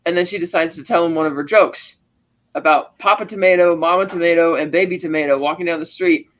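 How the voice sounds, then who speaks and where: A man with a high voice talks fast, walking through a film's plot for a podcast. He slips into the characters' lines as he goes. The audio is a little dull and lo-fi. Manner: animated retelling, acting out lines with raised pitch. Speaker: podcast co-host. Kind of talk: casual film recap chat.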